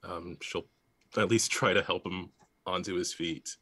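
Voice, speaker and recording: A man taking his turn in a tabletop game, thinking out loud hesitantly. His voice is low and his pace is very slow. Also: steady tone. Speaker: player.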